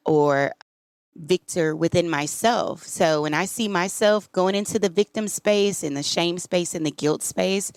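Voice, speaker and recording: A woman's voice: fairly low pitch, unhurried, clear, resonant tone, dry recording. A woman hosting a casual interview, affirming her guest and often calling things beautiful. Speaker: podcast host and coach.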